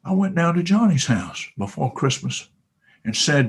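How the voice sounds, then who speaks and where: A man animatedly retelling a motivational sales story, dropping to a hush and then rising loud. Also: on the high side, sing-song, normal speed, slightly rough. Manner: dramatic, shifts between hushed and loud.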